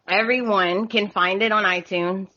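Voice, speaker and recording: A woman hosting a casual podcast chat, talkative and quick to laugh. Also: mid-range voice, steady tone, pushed and bright. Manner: chatty, laughs often. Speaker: podcast host. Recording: dull lo-fi sound.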